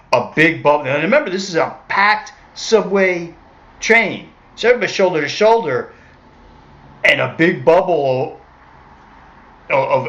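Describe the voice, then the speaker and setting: A man's voice: a little high, a bit bright. Rambling man telling a story. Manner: rambling, self-correcting, conversational. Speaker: street musician telling a story. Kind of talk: casual storytelling monologue. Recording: dull lo-fi recording.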